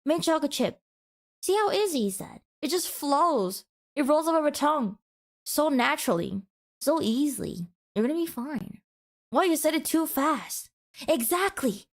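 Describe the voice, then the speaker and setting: A woman's voice: sits high, lively intonation, normal speed. A woman streamer giving a mock-passionate, teasing rant to her chat in a playful, dramatic way.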